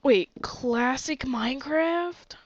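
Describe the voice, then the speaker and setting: A fairly high-voiced woman with a sore throat chats slowly through her game stream, gasping and exclaiming often. The sound is dull and dry. Typing can be heard behind her. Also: no room sound. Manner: chatty, gasps and exclaims often. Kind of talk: casual gaming commentary.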